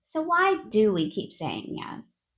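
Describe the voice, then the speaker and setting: A woman's voice: fairly high pitch, big pitch swings, slow. A woman hosting a nurses' podcast, giving a sarcastic, exasperated comedic monologue.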